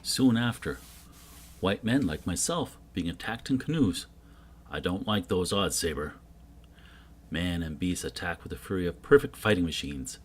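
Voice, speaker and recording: A man reading a jungle adventure comic aloud, voicing every character himself and getting loud on the shouted lines. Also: sits low, moderate pace. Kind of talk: dramatic comic book reading.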